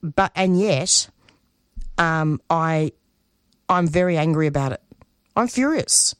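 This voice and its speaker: A woman, a community radio producer speaking as an interview guest, earnest and emotional, halting and restarting her sentences. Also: low-pitched, steady tone, smooth, no echo, studio quality. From Australia. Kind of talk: interview guest, spontaneous talk.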